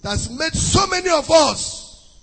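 A man's voice: extremely high pitch, expressive, a little slow, bright, forceful tone. A man preaching a sermon, emphatic and sing-song, repeating key phrases. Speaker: pastor. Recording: long hall reverb with faint music.

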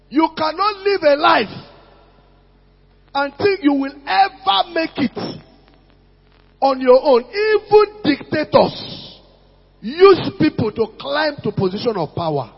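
With an extremely high pitch and vocal fry, a male pastor delivers a sermon, calling out to the congregation and prompting them to respond. The audio is muffled, lo-fi, and echoes in a hall.

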